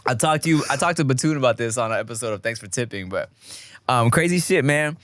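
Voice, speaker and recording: A man co-hosting a podcast in casual chat, an animated storyteller who swears freely and acts out the people in his stories. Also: medium pitch, quick pace, dry recording. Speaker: podcast co-host.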